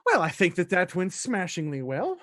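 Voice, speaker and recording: A man voicing a fussy male courtier who is prim, mildly huffy and soft-spoken in a tabletop game. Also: sits high, huge pitch swings, normal speed, no echo, studio quality, heavily acted.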